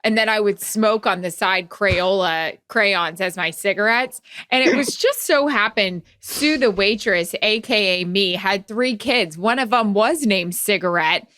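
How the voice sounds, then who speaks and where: A woman's voice: mid-range voice, a little slow, few pauses, a bit bright. A woman co-hosting a podcast, chatting playfully and nostalgically. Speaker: podcast co-host. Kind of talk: casual chat.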